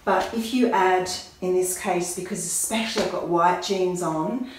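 A woman talks to camera about styling clothes, chatty and enthusiastic as she explains her choices. Her voice sits a little low. The recording rings with heavy room echo and a faint background hiss. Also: normal speed. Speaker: fashion vlogger. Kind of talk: casual fashion styling talk to camera. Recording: very echoey room with faint noise.

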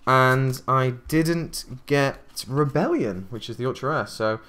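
A man's voice: mid-range voice, takes it slowly, a bit bright, a little hiss or hum. A young man chatting casually as he opens card packs, musing aloud with many ums and uhs. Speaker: card-opening YouTuber. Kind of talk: casual unboxing commentary.

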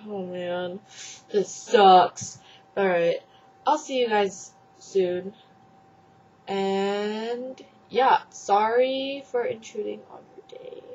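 A woman's voice: medium pitch, extremely slow, a little mellow, slightly rough. A young woman vlogging casually, chatty and gushing, full of fillers, recorded on a camera's built-in microphone. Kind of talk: casual chat. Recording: dull lo-fi webcam audio.

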